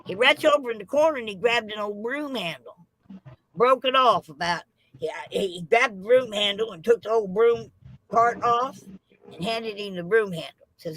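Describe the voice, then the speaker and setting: A woman's voice: a little high, moderate pace, low-quality recording. A woman telling comic tall tales in a folksy, drawling storytelling manner. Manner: drawling, rural, lively tall-tale delivery.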